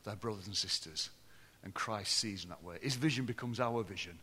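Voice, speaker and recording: Bright-voiced preacher man in an echoing hall. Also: brisk, husky. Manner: swings from loud and lively to low and hushed. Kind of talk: sermon. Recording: long hall reverb.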